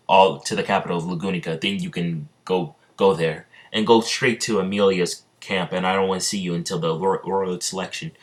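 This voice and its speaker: A man's voice: deep voice, fairly bright tone. A man voicing a stern male knight in a fan-made story, accusing and giving orders. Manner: accusing, commanding.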